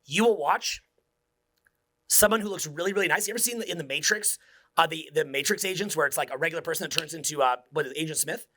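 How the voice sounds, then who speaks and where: A man's voice: a little high, fast, bright, forceful tone. A man in his forties, a social skills coach, giving an intense, profane motivational speech that drops to near-whispers. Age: 40s.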